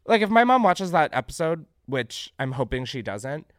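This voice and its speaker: Animated comedic podcast host, man. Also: on the high side, moderate pace, dry recording, studio quality. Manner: animated, swears freely, laughs often, reacts loudly to what he reads.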